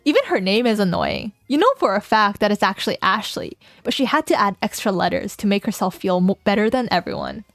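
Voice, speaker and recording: A woman's voice: medium pitch, lively intonation, brisk, few pauses, no room sound. Playful woman streamer narrating a game. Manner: playful, laughs often, reads game text aloud.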